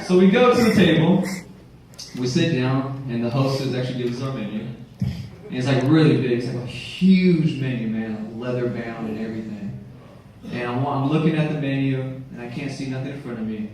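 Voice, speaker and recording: Man doing stand-up in an echoey club. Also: fairly quick. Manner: animated storytelling, acts out quotes with sudden high-pitched outbursts. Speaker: stand-up comedian. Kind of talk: stand-up routine. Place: comedy club stage. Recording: echoey club sound from a far mic.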